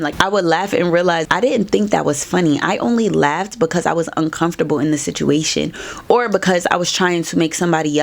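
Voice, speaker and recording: A woman's voice: sits low, gravelly. A young adult woman hosting a podcast, giving an assertive, faith-based motivational talk. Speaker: podcast host. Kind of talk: motivational self-help talk.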